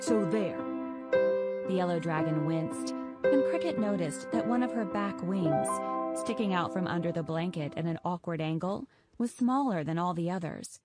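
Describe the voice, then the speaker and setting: A woman narrating an audiobook in a measured, even way. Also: fairly low pitch, music in the background. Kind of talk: scripted narration.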